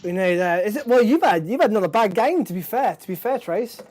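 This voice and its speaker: A man's voice: sits high, expressive, fast, a little mellow, a little hiss or hum. A man hosting a live baseball chat show, tired and chatty, often stumbling over his words. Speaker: host.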